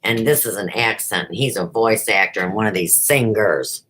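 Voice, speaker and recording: A woman's voice: extremely low pitch, moderate pace, fairly bright tone, a little hiss or hum, poor audio. A middle-aged woman hosting her own livestream show, talking off the cuff in an unrehearsed, rambling way that jumps from topic to topic. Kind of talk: unrehearsed casual livestream chat.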